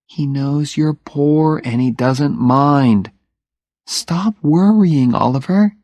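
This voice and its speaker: A man reading aloud and voicing a confident young woman who teases her nervous fiancé, in a slow, raised voice. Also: deep voice, dark tone, no room sound, voice pushed up. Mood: teasing.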